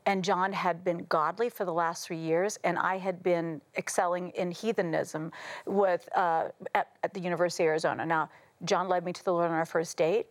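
A middle-aged American woman, a talk show guest, telling stories with lively quoted voices and frequent laughter. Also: lowish voice, moderate pace. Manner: animated, acts out quotes, laughs often. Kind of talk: casual talk show storytelling.

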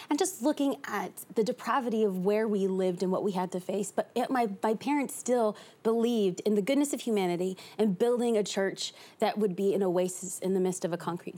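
A young woman from East Los Angeles, a guest on a TV talk show, talking fast and with animation about her life. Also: medium pitch, warm tone. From East Los Angeles, USA.

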